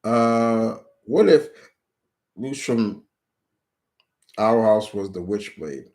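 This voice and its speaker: Speaking extremely slowly in a voice on the low side, a man chats casually on his channel's live stream, answering what viewers ask. He rambles and restarts frequently, becoming animated when he retells scenes.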